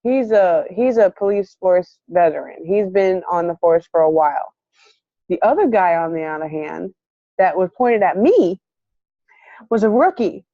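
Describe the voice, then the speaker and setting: Speaking at a measured pace in a fairly low voice, this woman spins a story in relaxed conversation, full of laughter and acted-out quotes. The lo-fi recording sounds muffled and completely dry, with no room sound.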